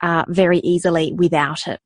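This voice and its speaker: A woman hosts a podcast in a fairly low voice, answering her guest with encouraging, affirming remarks. Her sound is close and dry. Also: steady tone, fairly quick, no room sound. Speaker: podcast host. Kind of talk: podcast conversation.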